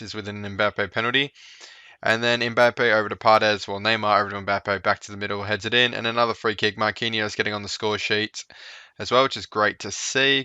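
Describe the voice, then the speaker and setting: Chatty low-voiced man commenting on his game. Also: bright, forceful tone, no echo. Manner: chatty, talks to his players on screen. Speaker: gaming YouTuber. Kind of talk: casual let's-play commentary. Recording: dull, slightly lo-fi sound.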